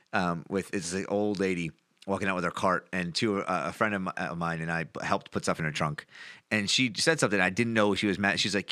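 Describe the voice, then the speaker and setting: Podcast co-host, male, deep and punchy, close and dry, rambling storyteller. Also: pushed and bright, dry recording. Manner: rambling, laughs at own stories. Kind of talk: casual chat.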